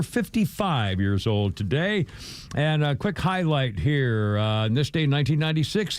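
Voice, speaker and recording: A male radio host in casual sports talk who rambles, hums, and chuckles between stories. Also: medium pitch. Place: radio studio.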